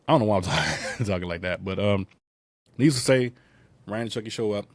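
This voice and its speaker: Recorded with no room sound, a low-pitched male host talks through a movie's plot on his casual review podcast. He digresses constantly, leans on fillers and asides, and drops into quick voices for the characters.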